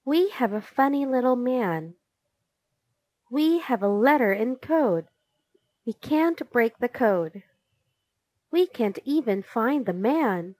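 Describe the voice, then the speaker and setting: A gruff, bossy boy who leads his friends' club, as a woman reader puts him on. He barks orders slowly, with a lively, swinging pitch. The sound is dry and close. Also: dry recording. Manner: gruff, commanding.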